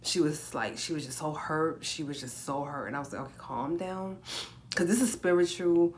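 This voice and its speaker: A woman in her forties with a low voice tells a personal story on a home livestream. She talks casually, circles back with repeated words and acts out what others said. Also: a little fast, slight background noise. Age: 40s. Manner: repeats herself, acts out quoted speech.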